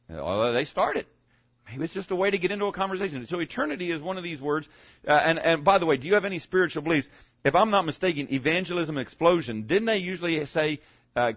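Man preaching, pastor, chatty sermon, asks the crowd questions, higher voice, dry muffled recording. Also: animated, fast talker, no echo. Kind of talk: sermon on evangelism.

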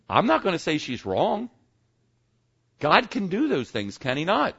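A middle-aged man preaches in a relaxed, folksy way, stopping often to check that his listeners are with him. His voice sits a little high for a man and swings widely in pitch. The recording is muffled and lo-fi. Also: a little slow, creaky, pauses often, husky. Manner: folksy, conversational preaching with frequent "okay?" check-ins. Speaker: pastor. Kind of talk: sermon.

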